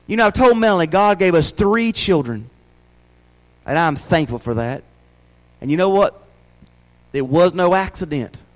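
A man in his forties preaches with a Southern US accent and a noticeably high voice for a man. He talks in a folksy, down-home way and keeps throwing rhetorical questions at his congregation. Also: lively intonation, normal speed, long pauses, poor audio. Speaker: pastor. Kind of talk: sermon.

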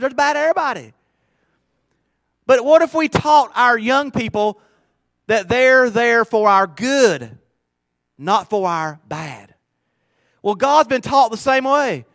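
A middle-aged man preaching a sermon, moving from low, confiding murmurs to loud, fervent preaching. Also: expressive, slow pace, dry recording. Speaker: pastor.

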